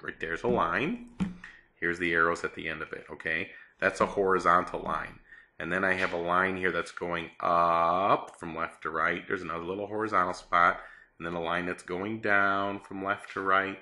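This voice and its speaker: A low-pitched man with a very bright, forceful voice teaches a math lesson. He talks in a chatty, playful way and acts out a little story to make the idea stick. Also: fairly even intonation, normal speed.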